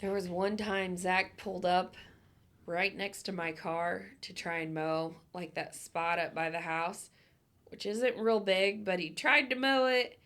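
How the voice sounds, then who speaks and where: A woman's voice: fairly low pitch, fairly even intonation, a little slow, a bit bright. A woman chatting casually, reacting to stories and adding her own. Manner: chatty, reacts with laughs and exclamations. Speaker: podcast co-host. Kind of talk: casual chat.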